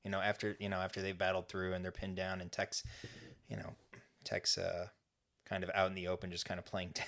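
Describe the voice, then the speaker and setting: A man co-hosting a podcast, excitedly recapping scenes in casual chat. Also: low voice, brisk. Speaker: podcast co-host.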